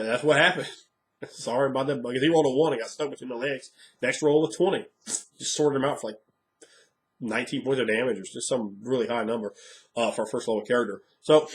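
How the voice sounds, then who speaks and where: Male game master, casual rambling monologue, frank, mid-pitched. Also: steady tone, quick pace. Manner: frank, rambling, thinking aloud.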